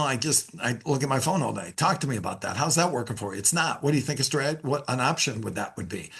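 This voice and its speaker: A man's voice: a little high, a bit bright, slightly rough. A middle-aged man teaching a leadership lesson to sales managers, energetically acting out both sides of coaching conversations. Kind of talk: leadership lesson to a live class.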